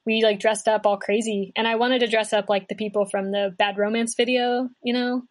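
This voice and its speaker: A woman's voice: fairly high pitch, level tone, brisk. A young woman from Kentucky, a guest musician in casual chat, rambling and chatty with lots of filler words.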